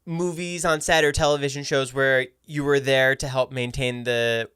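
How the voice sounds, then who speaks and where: A man's voice: mid-range voice, steady tone, normal speed, fairly bright tone, smooth, no echo, clean studio sound. A man hosting a podcast, prompting the guest with short interjections and questions. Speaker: podcast host.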